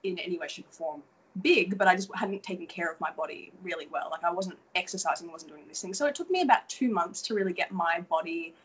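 Energetic Australian woman, husky voice. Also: lowish voice, quick pace, poor audio. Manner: energetic, candid, swears casually. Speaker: podcast guest, model. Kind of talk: casual interview chat.

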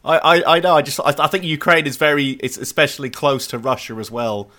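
A man's voice: mid-range voice, quick pace, sharp tone. A man in a casual chat as co-host, chiming in with chatty, teasing remarks.

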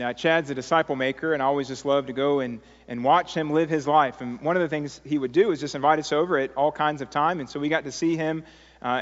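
A man preaching a sermon as pastor, earnest and pleading, telling stories with many fillers. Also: mid-range voice. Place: church sanctuary. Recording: dull sound in a long-reverb sanctuary.

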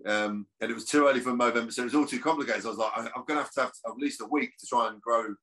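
A man's voice: mid-range voice, racing, pushed and bright. Chatty man, rambling. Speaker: actor guest. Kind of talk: casual podcast chat.

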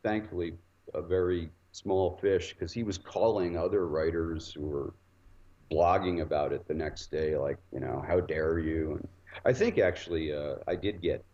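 Low-voiced man telling a story. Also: moderate pace, lo-fi sound. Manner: animated anecdote-telling with acted-out quotes and laughs. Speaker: guest author. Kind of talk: casual storytelling.

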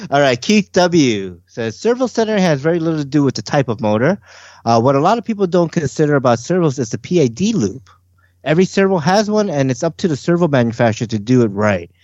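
A man's voice: on the high side, sing-song, a little fast, a little mellow, dry recording, muffled recording. A man co-hosting a casual podcast, reading listener comments aloud and laughing often.

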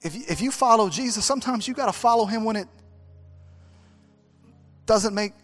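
A man's voice: sits high, normal speed, fairly bright tone, soft background music. A man preaching a sermon as pastor at a church service, driving his points home with emphatic, repeated exhortations.

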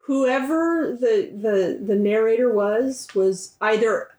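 A woman's voice: fairly high pitch, slow pace, darkish tone, roomy sound. A woman in a casual book chat, emphatic and exasperated, who swears freely. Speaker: book club member.

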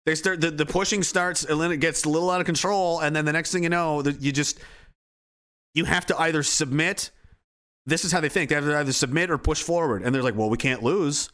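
A man talking casually, profanely and excitedly, full of "like" and restarts. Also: a little high, a little fast. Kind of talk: casual rant.

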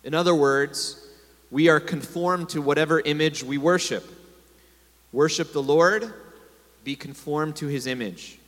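A man's voice: medium pitch, fairly bright tone. Preaching man in a reverberant hall. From America. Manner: preaching with call-and-response to the congregation. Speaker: pastor. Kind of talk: sermon. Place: congregation hall.

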